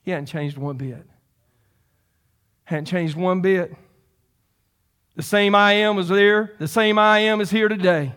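Pastor guy in his 50s preaching, pretty high voice, keeps repeating stuff to hammer it home. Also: unhurried, pauses often, fairly bright tone, clean tone. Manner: emphatic, repeats phrases for stress. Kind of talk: sermon.

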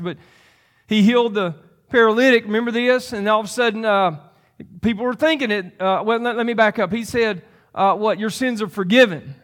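High-voiced pastor, chatty sermon. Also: male voice, fairly bright tone. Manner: conversational, rambling with restarts and asides.

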